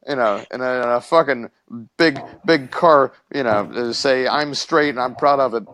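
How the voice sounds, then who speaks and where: A man's voice: mid-range voice, fairly bright tone. A man co-hosting a casual podcast, telling a crude story in rambling bits with stammers and swearing. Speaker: podcast co-host.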